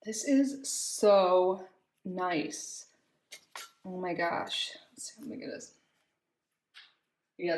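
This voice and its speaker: A woman's voice: mid-range voice, a little hiss or hum. A young woman reviewing a subscription box in casual chat, gushing and giggly as she reads product labels aloud.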